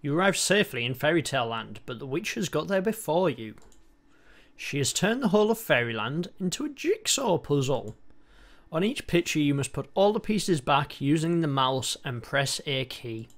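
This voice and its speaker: Man, gaming commentary, sarcastic, deadpan, sweary, slightly high voice. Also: moderate pace. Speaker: gaming channel host. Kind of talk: let's play commentary.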